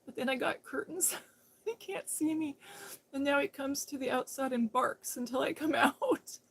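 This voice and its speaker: A woman's voice: high-pitched, normal speed, creaky, fairly bright tone. A woman chatting casually to her viewers on a live stream, rambling and restarting her sentences, often breaking into laughter. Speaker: livestream host.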